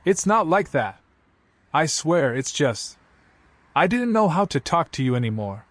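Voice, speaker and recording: A man's voice: fairly high pitch, very animated, measured pace, no room sound, voice pushed up. A man voicing a defensive, tearful wife caught cheating, pleading and then blaming.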